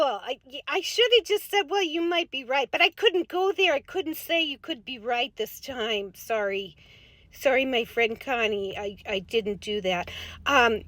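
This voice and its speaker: A woman's voice: high voice, a bit bright, no echo. A woman from Minnesota with a Minnesotan accent, talking in a folksy, rambling way to her viewers as a spiritual medium. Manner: folksy, chatty, rambling with many fillers. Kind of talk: casual monologue to camera.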